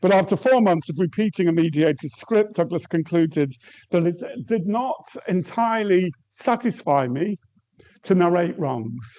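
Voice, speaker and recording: A man giving an academic lecture at a measured pace, reading quotations aloud and pausing with some hesitations. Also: high-pitched, expressive, warm tone. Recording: muffled lo-fi recording.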